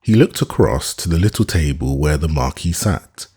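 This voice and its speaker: A man reading an audiobook as narrator in a measured, expressive way. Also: very deep voice, slightly rough. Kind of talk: scripted narration.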